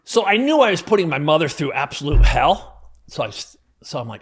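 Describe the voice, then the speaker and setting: A man's voice: fairly high pitch, sing-song, fairly quick. Earnest man from New Jersey telling his story. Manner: casual and earnest, with frequent fillers and acted-out quotes. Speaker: podcast guest. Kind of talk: telling his life story in a podcast interview.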